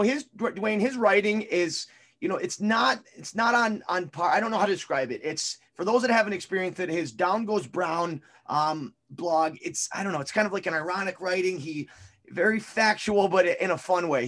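A man's voice: high voice, fairly quick, a bit bright. A man co-hosting a sports podcast, talking in a rambling, hesitant way with many fillers and restarts. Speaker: podcast co-host. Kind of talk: casual chat.

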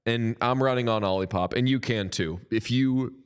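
A young man co-hosting a casual sports podcast, riffing playfully and reading an ad with bursts of excitement. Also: mid-range voice, normal speed, smooth. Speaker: podcast co-host. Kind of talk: casual chat and ad read.

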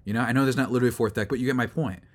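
A young man hosting a solo sports recap, rambling and exasperated, building to loud outbursts. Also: medium pitch, steady tone, rapid-fire. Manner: rambling with fillers and restarts. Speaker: sports podcast host.

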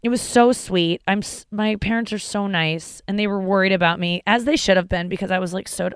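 A woman's voice: medium pitch, moderate pace, gravelly, clean tone, no echo. A woman hosting a podcast, talking frankly and emotionally in a rambling, profane monologue, close to tears at times. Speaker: podcast host and stand-up comedian. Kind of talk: candid personal monologue.

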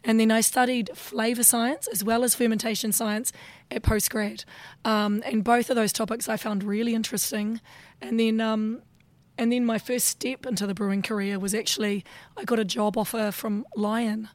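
A woman from New Zealand with a husky, strained voice and a New Zealand accent, chatting as an interview guest in a self-deprecating way. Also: a little high, little pitch movement, moderate pace, no room sound. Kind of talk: casual chat.

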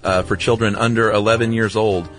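A man's voice: on the low side, flat delivery, a little fast, soft background music. A man co-hosting a podcast, chatting casually and reading out listener mail in an easygoing way. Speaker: podcast co-host. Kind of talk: casual chat.

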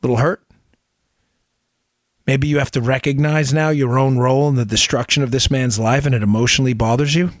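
A man's voice: medium pitch, fairly even intonation, fast, few pauses, no room sound. A middle-aged man talks straight into a close microphone, hosting a political podcast in an impassioned monologue. He hammers his points with repeated rhetorical questions, in a mid-range voice captured in a dry, dead room. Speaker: podcast host.

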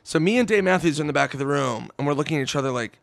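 A man telling a story in casual podcast chat, animated and swearing, acting out what others said. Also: medium pitch, racing, vocal fry, no room sound. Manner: animated, swearing, acts out quotes. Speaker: podcast guest.

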